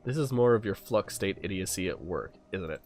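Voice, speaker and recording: A tough, proud woman soldier who is curt and dismissive, as a man reads her lines aloud. Her low, flat delivery sits over faint music. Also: brisk.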